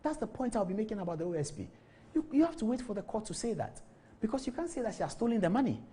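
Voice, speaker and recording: Animated husky Ghanaian man on TV. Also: sits high, racing. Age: middle-aged. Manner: animated, emphatic, repeats words. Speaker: TV show host. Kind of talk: studio commentary on news. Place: TV studio.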